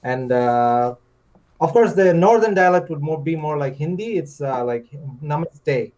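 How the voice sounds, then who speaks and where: A man's voice: fairly high pitch, animated, unhurried, a little mellow, poor audio. A man in his thirties from India, a guest on a livestream, talking hesitantly with many fillers and easy laughs. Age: 30s. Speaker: debate guest. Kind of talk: casual livestream chat.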